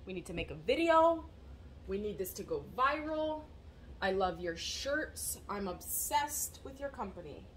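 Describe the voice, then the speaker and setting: Excitable woman vlogger, chatty, talking to camera at home, phone mic, faint background hiss. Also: mid-range voice, measured pace. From Florida, USA. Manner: chatty, excitable, talks straight to the viewer. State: out of breath. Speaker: vlogger and small business owner. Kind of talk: casual vlog talking to camera. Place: at home, indoors.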